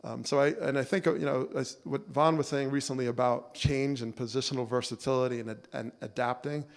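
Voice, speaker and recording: Keynote speaker: man in his forties, loose and conversational, mid-pitched voice, hall reverb. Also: steady tone, fairly quick, vocal fry. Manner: conversational, many fillers like "you know" and "right?". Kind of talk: relaxed storytelling speech. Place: banquet hall. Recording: long reverb of a banquet hall.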